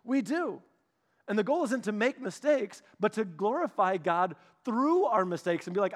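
A young man preaching a sermon, telling a personal story and acting out the voices of the people in it, going from loud to hushed. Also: high voice, a little slow. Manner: animated, acts out quoted voices, shifts from loud to hushed. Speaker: pastor's son preaching.

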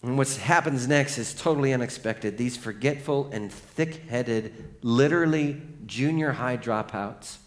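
A man preaching a sermon as pastor, telling stories and swinging from hushed lines to loud, excited ones. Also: medium pitch, measured pace, few pauses. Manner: storytelling, animated.

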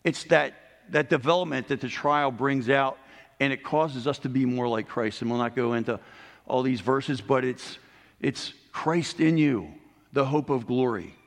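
A middle-aged man delivers a sermon with earnest conviction, his voice sitting in an ordinary middle register. He lifts his pitch and volume to drive home key points. His words ring out with a long reverb, as in a large hall. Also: measured pace, vocal fry. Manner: earnest preaching, rising emphasis on key points. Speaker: pastor.

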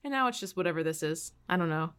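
A woman's voice: fairly low pitch, animated, fast talker, fairly bright tone, smooth. A young American woman hosting a podcast, chatting casually and ranting with plenty of swearing. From United States. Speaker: podcast host. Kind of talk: casual chat.

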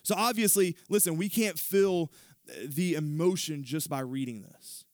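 A male pastor preaching a sermon, retelling scripture with animated storytelling and frequent restarts. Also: fairly high pitch, unhurried, no echo, studio quality.

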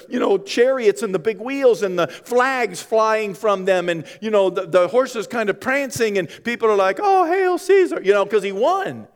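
A man's voice: high voice, big-room sound. A man preaching a sermon in a conversational way, with joking asides to the congregation. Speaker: pastor.

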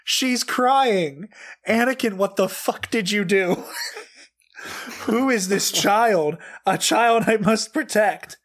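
A man's voice: sits high, slow pace, fairly bright tone. A man giving a dramatic comedic reading, profane and over the top, laughing often, speaking into a desk mic he has pushed back. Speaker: comedic reader. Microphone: desk mic, pushed back and turned down.

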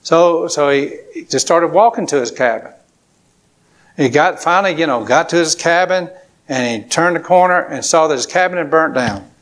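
Male pastor, emphatic sermon delivery, slightly high-pitched, call-and-response with the room. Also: animated, moderate pace, a bit bright. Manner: emphatic preaching with repetitions and congregation call-and-response.

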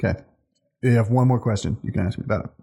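A man running a tabletop game as game master, relaxed and often laughing. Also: on the low side, very fast, slightly rough.

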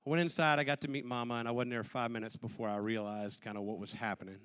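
A man in his forties sharing a personal testimony, an animated storyteller who acts out the voices of the people in his story. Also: medium pitch, fast, clear, resonant tone. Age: 40s.

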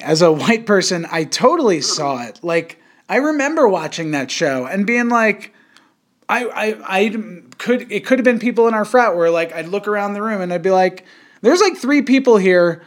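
A man's voice: high voice, animated, moderate pace. A young man hosting a podcast in casual chat, rambling and profane, full of fillers and restarts. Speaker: podcast host.

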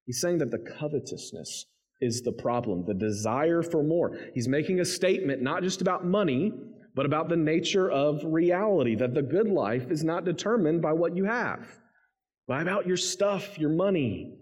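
A man's voice: a little high, animated, normal speed, a little mellow. A man preaching a sermon, reading scripture and then explaining it in a conversational, emphatic way. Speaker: pastor.

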